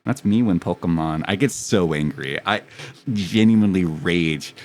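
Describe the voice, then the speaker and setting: A man's voice: low voice, a little slow. A young man chatting casually with his live stream audience, telling rambling, profane, self-mocking stories.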